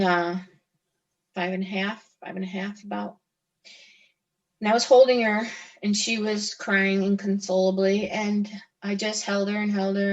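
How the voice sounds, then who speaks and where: A middle-aged woman telling her own story as an interview guest, halting, with frequent restarts and pauses. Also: mid-range voice, dull audio. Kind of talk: personal testimony in conversation.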